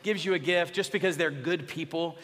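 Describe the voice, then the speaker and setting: Man, pastor, sermon, fairly high voice, bright tone, expressive delivery with soft drops. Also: fairly quick, big-room sound. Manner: expressive preaching, dropping to soft tones for emphasis.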